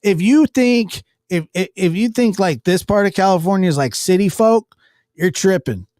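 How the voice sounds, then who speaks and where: A man's voice: sits high, lively intonation, measured pace, darkish tone, no echo. Rambling man in dry close-mic commentary. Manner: rambling, restarts and chuckles. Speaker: streamer reacting to news clips. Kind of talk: casual commentary.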